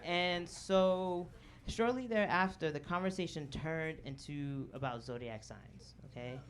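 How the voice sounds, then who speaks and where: A man's voice: fairly high pitch, unhurried. A man telling a story in a stand-up comedy set on a club stage, chatty and full of asides, with the audience laughing. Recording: live club recording with audience noise.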